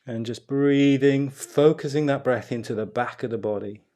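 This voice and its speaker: A middle-aged man leads a qigong and movement class, calmly cueing breath and posture and chatting between exercises. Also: mid-range voice, moderate pace.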